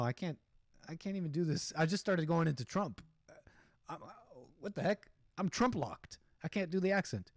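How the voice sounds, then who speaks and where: A man's voice: fairly high pitch, lively intonation, a little fast, no echo, studio quality. A man hosting a stream, ranting sarcastically and indignantly over a video clip and laughing at his own jokes. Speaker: streamer host.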